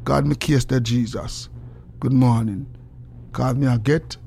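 A man with a Jamaican accent hosting a call-in radio show, swinging between loud preachy shouting and low mumbled asides. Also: fairly even intonation, measured pace, vocal fry, a little hiss or hum. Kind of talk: animated call-in radio rant.

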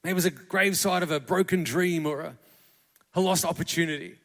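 A man preaching a sermon to a congregation, building from quiet, tender passages to fervent, shouted crescendos. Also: fairly high pitch, fairly quick. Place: church hall. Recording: long hall reverb.

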